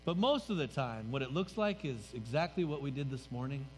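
A man's voice: medium pitch, animated, fairly quick. A man pastor preaching a sermon in a church sanctuary, conversational and emphatic, letting his voice drop at the ends of phrases. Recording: reverberant hall, faint music.

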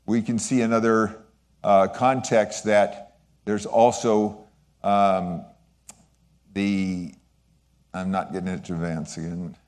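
A sentimental older man shares a testimony in the manner of a sermon. His voice sits a little low, and he talks in an earnest, halting way, often stopping to restart a thought. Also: darkish tone, long reverb tail. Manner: sentimental, voice wavering with feeling. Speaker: lay speaker sharing a testimony. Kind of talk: sermon-style talk.

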